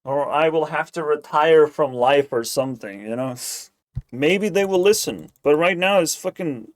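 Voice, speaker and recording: A streamer with a fairly high voice reacts to a video at a moderate pace. His casual rant is sarcastic and rambling, and he swears constantly.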